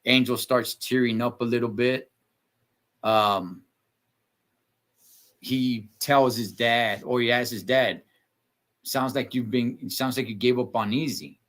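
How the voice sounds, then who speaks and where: A man co-hosting a live TV recap, talking casually, animated and laughing often, trailing off mid-sentence. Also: medium pitch, slow, pauses often. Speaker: show co-host.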